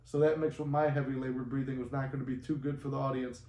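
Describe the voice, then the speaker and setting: A man records a loose, profane pep talk to camera from his apartment as a manifestation vlogger, urging his viewers on. His voice is medium-pitched, level and mellow, delivered fast, and the poor microphone leaves it muffled in an echoey room with faint noise.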